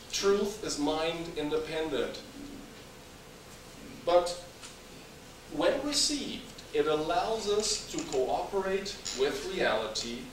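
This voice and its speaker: A man giving a public lecture in a large hall, speaking in a measured, emphatic way. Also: high voice. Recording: echoey hall, mic far off, noisy.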